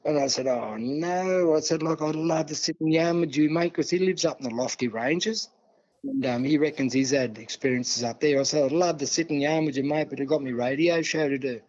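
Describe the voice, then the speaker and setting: An older man from New South Wales with an Australian accent, telling a long story in a relaxed interview and acting out the dialogue. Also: fairly high pitch. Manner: yarning, acts out dialogue, many "see?" and "mate". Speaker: guest elder. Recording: dull lo-fi sound.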